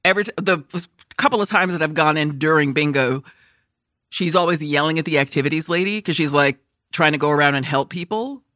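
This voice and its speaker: A woman's voice: low-pitched, fairly quick, a bit bright, no room sound, clean studio sound. A woman co-hosting a podcast, telling stories in a casual, profane, laughing manner. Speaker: podcast co-host. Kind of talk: casual chat.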